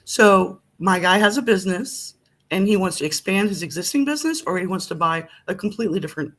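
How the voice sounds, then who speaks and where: A woman's voice: mid-range voice, animated, fairly quick, fairly bright tone. A woman guest on a business talk show, confidently and cheerfully explaining financing options. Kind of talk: casual video podcast talk.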